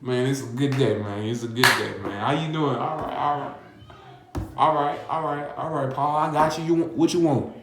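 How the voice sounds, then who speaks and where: A man voicing a cheerful male worker who greets his customers loudly and in a friendly way. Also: medium pitch, moderate pace, roomy sound, heavy background noise, natural voice. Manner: loud, bright, friendly greetings.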